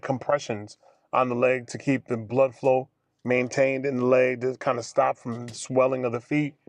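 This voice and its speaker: A man telling a personal story casually to his viewers in an animated way, acting out other people's lines as he goes. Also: mid-range voice, no room sound. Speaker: vlogger.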